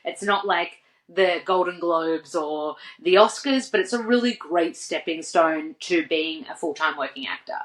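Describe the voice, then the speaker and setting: A woman's voice: on the low side, unhurried, few pauses, rough recording. Chatty Australian woman telling stories. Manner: lively anecdotes full of "like" fillers and acted-out quotes. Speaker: podcast guest. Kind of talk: casual interview storytelling.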